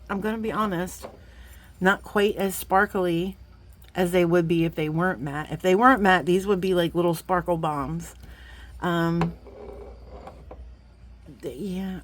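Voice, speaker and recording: A woman, chatting warmly to viewers as she gushes over beads in a casual unboxing vlog. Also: lowish voice. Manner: chatty and gushing, talks to viewers as friends; sometimes drops to a playful whisper. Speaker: jewelry-making vlogger.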